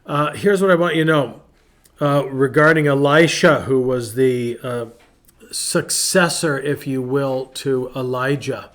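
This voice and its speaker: Middle-aged male host, casual devotional talk, mid-pitched and chatty, acts out voices. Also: unhurried. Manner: chatty and animated, acts out quotes in varied voices. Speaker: ministry podcast host.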